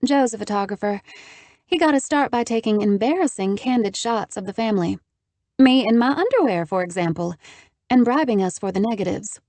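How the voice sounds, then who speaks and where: A woman reading an audiobook voices a lively, teasing young woman who talks in a bright, animated, playfully bossy way. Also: mid-range voice, fairly quick, no echo, pitched above the performer's own voice, close to an everyday voice. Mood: mock severe.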